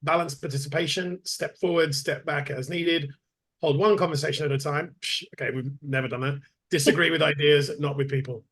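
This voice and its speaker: Husky, higher-voiced man reading aloud. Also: steady tone, fairly quick, a bit bright. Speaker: committee member.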